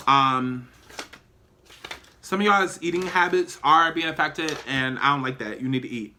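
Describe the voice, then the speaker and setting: Bright, chatty tarot reader man. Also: fairly high pitch, a little slow, pauses often, a little hiss or hum. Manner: chatty, emphatic, profane, addresses viewers directly. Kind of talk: casual tarot reading vlog.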